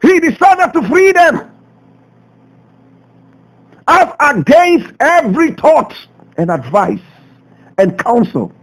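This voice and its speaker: A Ghanaian man hosting a radio show, delivering a passionate commentary full of rhetorical questions, swinging between loud outbursts and low asides. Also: big pitch swings, slow pace, pauses often, rough recording. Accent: Ghanaian English. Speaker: radio host. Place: radio studio.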